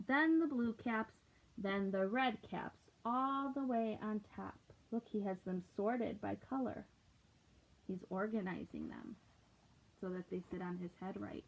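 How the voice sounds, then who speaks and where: A woman's voice: medium pitch, a little slow, vocal fry. A woman reading a picture book aloud for storytime, stopping to ask young listeners questions and point out details in the pictures. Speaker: storytime reader. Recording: tinny phone-like audio.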